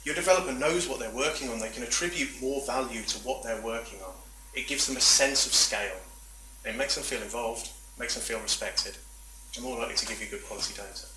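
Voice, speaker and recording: A man's voice: medium pitch, a little fast, bright, forceful tone, a little hiss or hum. A man giving a chatty, self-deprecating talk at a meetup, full of rambling asides. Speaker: conference speaker. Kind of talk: presentation talk. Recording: echoey room from far off.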